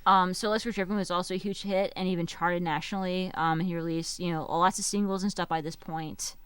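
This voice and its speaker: A woman's voice: lowish voice, steady tone, a little fast, a bit bright, clear, resonant tone, no echo. Woman telling music history, lots of fillers. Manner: rambling, with many fillers and restarts. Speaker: music history trivia presenter. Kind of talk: casual podcast storytelling. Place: basement studio.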